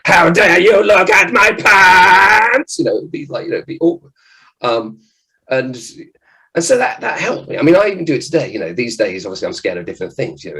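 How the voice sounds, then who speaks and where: A man, a children's author, giving a lively, jokey talk to children at an event. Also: mid-range voice, poor audio. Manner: animated, jokey, acts out scared voices.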